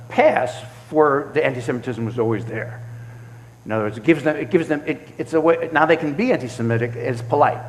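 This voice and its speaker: A man answering audience questions at a synagogue award event, telling stories in a loose conversational way with many restarts and acted-out quotes. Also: mid-range voice. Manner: animated storyteller, acts out quotes, frequent restarts. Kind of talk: conversational Q&A talk. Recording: reverberant hall.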